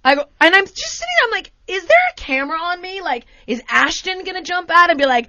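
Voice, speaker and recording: A woman's voice: brisk, no echo. An American woman hosting a casual chat, telling a story animatedly and acting out the people she quotes. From United States. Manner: animated, acts out quotes with big pitch swings.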